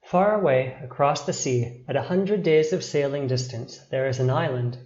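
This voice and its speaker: A man narrating a bedtime story in a slow, expressive, dramatic way. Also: medium pitch, reverberant, lo-fi sound.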